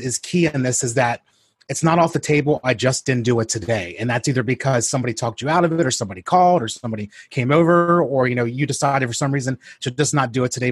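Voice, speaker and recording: A man's voice: mid-range voice, breathy edge, no echo. A male podcast host with a mid-range voice works through long, careful questions, restarting and rephrasing along the way. The recording is dry and close. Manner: thoughtful, searching questions with restarts. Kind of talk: podcast interview.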